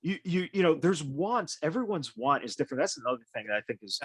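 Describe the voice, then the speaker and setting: A man's voice: on the high side, very animated, quick pace, fairly bright tone, husky, no room sound. A man hosting a podcast in casual conversation, talking in a loose, rambling way and swearing freely. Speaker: podcast host.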